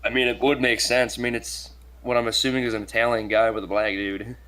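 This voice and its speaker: A man's voice: mid-range voice, level tone, fairly quick, a bit bright. A man co-hosting a casual chat, cracking jokes and laughing often. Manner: joking, laughs a lot. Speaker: co-host.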